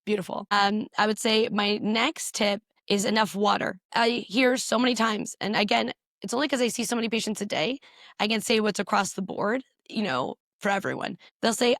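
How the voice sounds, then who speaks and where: A woman physician answering interview questions and explaining health tips briskly, repeating points for emphasis. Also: medium pitch, fairly bright tone, no room sound, clean studio sound. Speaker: physician guest.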